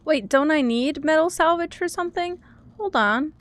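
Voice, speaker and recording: A high-pitched young woman streamer talking her chat through a game. She sounds nervous and giggly, swinging between scared whimpers and offhand commentary. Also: moderate pace, fairly bright tone, dry recording.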